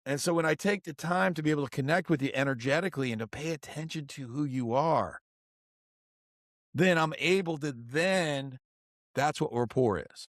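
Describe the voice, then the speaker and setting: A man's voice: a little high, normal speed, no room sound, studio quality. A middle-aged man, a guest author and coach, explaining a model and telling stories in a podcast interview. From United States. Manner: energetic, instructive, tells stories.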